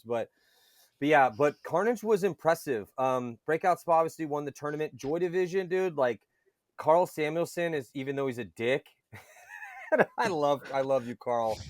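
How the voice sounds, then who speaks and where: A man chatting casually on a podcast, telling lively stories and swearing casually. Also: medium pitch, dry recording, clean studio sound. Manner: animated storyteller, swears casually. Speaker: paintball commentator guest.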